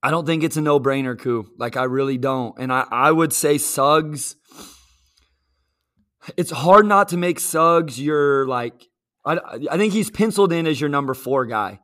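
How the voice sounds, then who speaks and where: Bright, excitable podcast guest. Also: male voice, fairly high pitch, measured pace. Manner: excitable, casual, with fillers. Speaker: podcast guest, basketball writer. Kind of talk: casual sports podcast chat.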